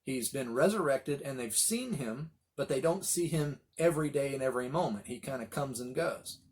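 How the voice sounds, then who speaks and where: A middle-aged man leading a Bible study, telling the story with animated voices for the quoted lines. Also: mid-range voice, normal speed. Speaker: pastor.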